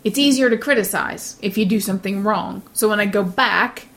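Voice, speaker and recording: A woman with an ordinary mid-range voice co-hosts a casual podcast. She tells stories with animation and keeps dropping in quick asides. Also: medium pitch, a bit bright. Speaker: podcast co-host. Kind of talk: casual chat.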